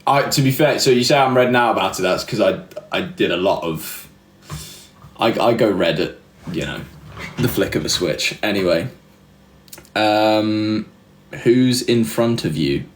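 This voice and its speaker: A man's voice: lowish voice, unhurried, long pauses, roomy sound. A young man hosting a livestream, chatting casually and rambling through self-deprecating stories with laughs. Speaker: livestream host. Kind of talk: casual chat reading live comments.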